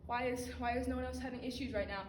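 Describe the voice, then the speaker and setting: High-voiced teen girl, echoey hall. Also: steady tone, very fast. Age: teens. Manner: dramatic, intense, anxious. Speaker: student poet. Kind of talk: spoken word poetry performance. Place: school theatre stage. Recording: echoey hall from a distance, noisy.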